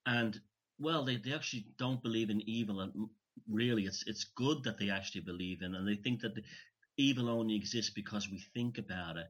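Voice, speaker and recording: A man in casual conversation, emphatic and opinionated, pausing and restarting as he thinks. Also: on the low side, fairly bright tone, slightly rough. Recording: dull lo-fi recording.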